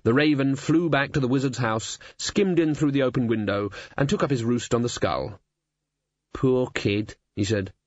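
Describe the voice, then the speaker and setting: A man narrating an audiobook in an expressive, measured reading voice. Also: mid-range voice, no room sound. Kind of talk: scripted narration. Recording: slightly dull, dry studio sound.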